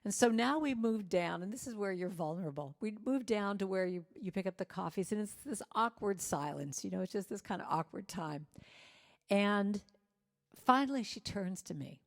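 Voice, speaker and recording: A woman's voice: medium pitch, expressive, moderate pace. A woman giving a storytelling sermon at a church service, acting out the voices of the people in her anecdotes. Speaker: guest speaker at a church service.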